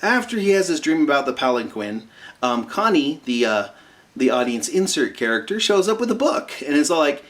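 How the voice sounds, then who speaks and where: Recapping a cartoon episode, a male reviewer wanders off into asides, leans on fillers, and slips into brief impressions of the characters. His pitch is a touch high and his delivery very animated.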